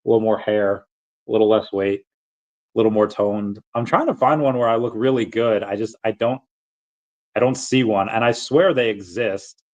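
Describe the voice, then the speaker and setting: A man's voice: on the low side, moderate pace, a little mellow, low-quality recording. A man casually chatting on a livestream, answering chat questions in a rambling, self-interrupting way with frequent chuckles.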